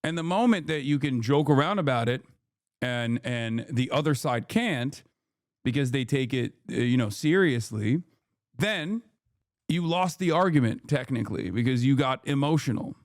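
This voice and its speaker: A man's voice: mid-range voice, expressive, moderate pace, no room sound, clean studio sound. A man streaming, reacting to a clip and ranting about politics in a casual, profane, lecturing way.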